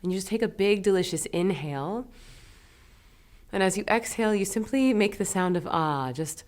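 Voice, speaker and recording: A woman teaching a meditation lesson, talking in a gentle, soothing, unhurried way. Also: mid-range voice, lively intonation.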